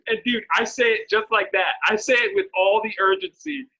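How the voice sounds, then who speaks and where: A man in his thirties telling a story on a casual podcast, animated and laughing often. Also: sits high, a little fast. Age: 30s. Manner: animated, laughs often, acts out quoted lines. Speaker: podcast co-host. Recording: dull lo-fi podcast audio.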